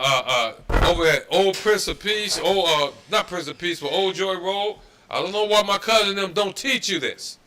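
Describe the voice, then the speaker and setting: In Detroit, a man with a high, pushed, bright voice teaches religious history as a preaching-style scripture lecture, moving at a moderate pace with barely a pause. He hammers points home through repetition and mocking asides.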